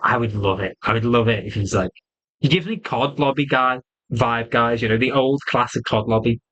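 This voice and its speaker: A man giving a casual solo wrestling review, animated and swearing freely, often laughing. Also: mid-range voice, moderate pace, rough recording.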